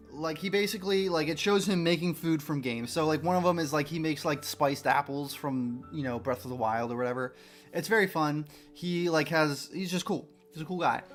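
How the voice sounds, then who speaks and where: A man chatting casually to his viewers on a livestream as a game developer, rambling excitedly and restarting his sentences often. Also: a little high.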